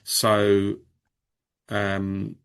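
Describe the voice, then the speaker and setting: A man with a fairly low voice gives an informal presentation over a video call. He talks loosely while clicking through a demo. His pace wanders and he often stops, restarts and fills gaps. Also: completely flat delivery, drawn-out words, creaky, clean tone. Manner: informal, with many fillers and restarts. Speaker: presenter demonstrating software. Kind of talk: casual online presentation. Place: home or office on a video call. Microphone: video call microphone.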